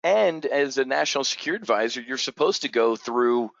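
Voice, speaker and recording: A man's voice: mid-range voice, animated, fairly quick, vocal fry, fairly bright tone, dry recording. A man hosting an options trading show, giving an unscripted, blunt and profane market rant full of stammered restarts. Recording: dull, dry lo-fi audio.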